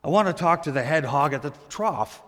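Texan caller, male, rough-edged and blunt; preacher does the voice, with a long reverb tail. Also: fairly high pitch, animated, brisk, fairly bright tone. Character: countrified Texan man caller, blunt then sheepish.

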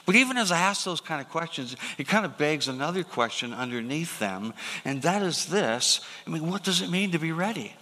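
A man preaching a sermon as a pastor in a church, measured and deliberate, asking rhetorical questions. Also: fairly high pitch, big pitch swings, bright, forceful tone, in a large hall.

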